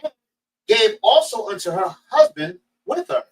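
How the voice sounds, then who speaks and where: A man with a New Jersey Black American accent, reading scripture slowly and adding his own comments. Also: extremely high pitch, very animated, creaky. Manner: slow, deliberate scripture reading. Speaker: scripture reader and co-teacher. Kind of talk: reading scripture aloud and affirming. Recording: distant voice with faint noise.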